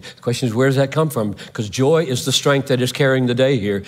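An older pastor preaches emphatically in a large church, repeating phrases for stress, and the hall is reverberant. His voice is medium-pitched, a little fast, with few pauses.

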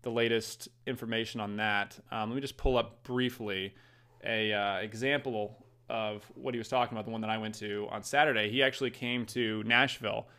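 A man's voice: on the low side, steady tone, fairly quick, pushed and bright. A man hosting a podcast, talking casually in a rambling, eager way with many fillers. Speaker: podcast host. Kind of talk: casual commentary.

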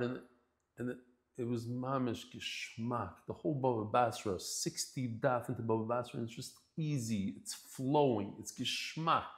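A man teaching a daily Talmud class, talking in a casual, heartfelt and emotional way with many restarts. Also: medium pitch. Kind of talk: casual heartfelt lesson intro.

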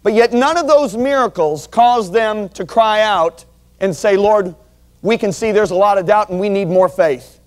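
High-voiced, emphatic male Bible teacher. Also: normal speed. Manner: earnest, emphatic, calls on the audience to repeat words. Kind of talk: teaching sermon.

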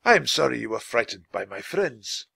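A man voicing a kind, wise older man who speaks calmly and softly in a storybook reading. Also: mid-range voice, normal speed, vocal fry, husky, no room sound, clean studio sound, exaggerated voice.

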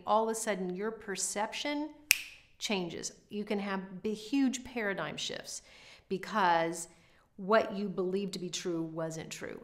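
A middle-aged woman teaches violin in an earnest, encouraging way. Her voice sits at an ordinary middle pitch, and she stresses her key points with clear emphasis. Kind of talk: instructional talk to camera.

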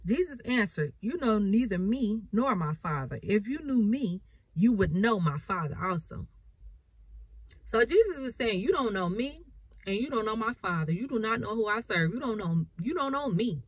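A woman is preaching, reading Bible verses aloud and then explaining them with emphatic repetition. Her voice is husky and animated, swinging high and low. The sound is dry and close. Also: moderate pace, no room sound, poor audio.

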